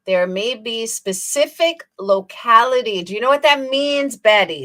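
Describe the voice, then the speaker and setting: A woman's voice: on the high side, expressive, unhurried, few pauses, fairly bright tone. A woman hosting a commentary channel, reading legal text aloud and mocking the people she reacts to with sarcasm.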